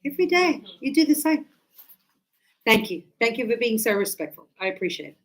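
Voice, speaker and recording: A woman teaching a class, chatty and animated, acting out birds and her students as she explains. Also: a little high, brisk, rough recording. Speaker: English teacher.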